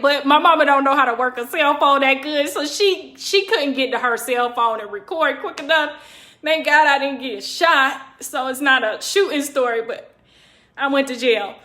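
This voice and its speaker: A high, bright woman telling a story on a livestream. She is animated and profane and leaps up in pitch when she acts out what people said. Her voice rings in an echoey room. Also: moderate pace. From California.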